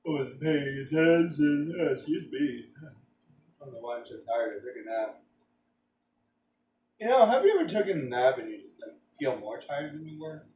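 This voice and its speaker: A man's voice: medium pitch, big pitch swings, brisk, pauses often, a little mellow, recorded from a distance. A man chatting casually while streaming a game, rambling with lots of filler words and joking. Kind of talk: casual gameplay stream chat. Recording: roomy sound, off-mic, faint background hum.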